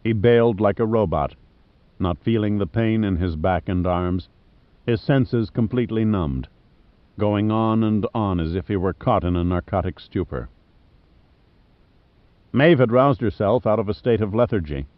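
A man reading an adventure novel aloud in a measured, even storytelling manner. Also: fairly low pitch, no echo. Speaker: audiobook narrator. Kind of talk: scripted narration. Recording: slightly muffled dry studio.

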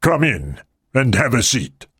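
A man doing a calm, powerful male leader. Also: mid-range voice, measured pace, husky, no room sound, studio quality, full character voice. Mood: measured.

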